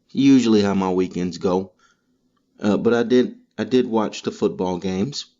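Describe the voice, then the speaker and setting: A deep-voiced man rambles through a comedic podcast monologue and swears freely as he goes. His tone is mellow and relaxed. The recording sounds dull and lo-fi. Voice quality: profane, rambling, animated storytelling. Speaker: podcast host.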